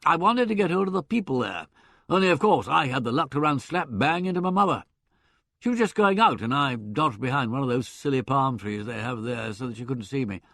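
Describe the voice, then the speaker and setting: A man voicing a brash, hearty young Englishman in an audiobook, chatty and blustering, with loud laughs. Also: medium pitch, expressive, brisk, no echo, clean studio sound. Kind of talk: audiobook character voice.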